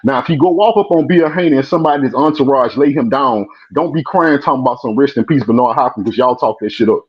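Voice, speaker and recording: A man's voice: mid-range voice, fast talker. A man from Baton Rouge with a Louisiana accent, calling in and lecturing emphatically about boxing. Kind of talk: heated call-in commentary. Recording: muffled husky call-in line.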